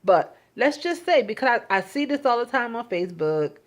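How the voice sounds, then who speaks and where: A woman's voice: on the high side, big pitch swings, moderate pace. A woman talking in a casual, reflective monologue. She is earnest and emotional, and she often repeats words and restarts her sentences. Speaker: vlogger.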